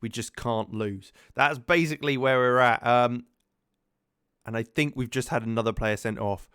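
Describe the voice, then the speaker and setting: Brief: guy, chatty let's-play commentary, smooth clear voice, dry close sound. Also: mid-range voice, fairly even intonation, normal speed, a bit bright, no room sound. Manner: chatty, many ums and repeated words. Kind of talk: casual gaming commentary.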